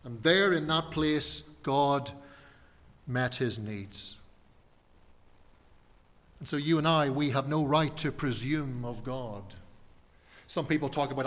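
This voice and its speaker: A man preaching a sermon in a measured, emphatic way, repeating key phrases and letting his voice fall quiet at the ends. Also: medium pitch, in a large hall.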